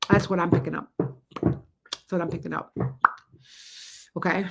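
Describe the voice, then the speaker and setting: A woman's voice: fairly low pitch, takes it slowly, vocal fry, pauses often, very noisy. A middle-aged woman doing a live-streamed tarot reading, chatting casually and calling out viewers by name. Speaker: psychic tarot reader.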